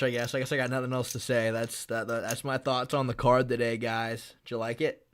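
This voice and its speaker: A male streamer chats loosely with his viewers about fights and bets. He rambles and repeats himself, with swearing mixed in. His voice sits at an ordinary middle pitch for a man. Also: steady tone, a little fast, fairly bright tone, clean tone. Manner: rambling and repetitive, swears casually. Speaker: MMA streamer. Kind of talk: casual livestream chat.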